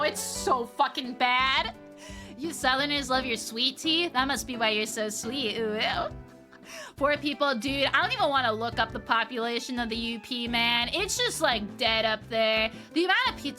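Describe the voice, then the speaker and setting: A young adult woman from Michigan's Peninsula, chatting casually with viewers on her stream, animated and swearing freely as she reads chat aloud and answers it. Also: high-pitched, normal speed, faint music behind. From Upper Peninsula of Michigan, US.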